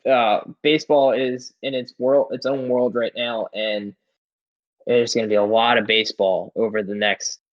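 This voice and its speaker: A man's voice: medium pitch, fairly even intonation, moderate pace, dry recording, dull audio. A man co-hosting a sports podcast, talking in a rambling, casual way with lots of "like"s and restarts. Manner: rambling, filler-heavy, many "like"s and restarts.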